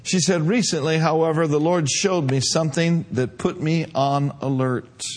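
A male pastor preaching a sermon, retelling a vision and rising to fervent shouts. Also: fairly high pitch, steady tone, moderate pace. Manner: preacher reading a vision aloud, building to shouts.

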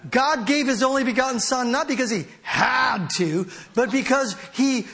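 A man preaching a sermon as pastor, animated and often laughing as he reads scripture aloud. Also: very high voice, moderate pace.

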